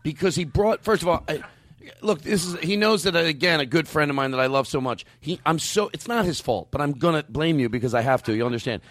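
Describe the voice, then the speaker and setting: A man's voice: a little high, animated, fast, no room sound. Rambling, jokey male podcast host. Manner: rambling, jokey, exaggerated complaints. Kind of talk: casual chat.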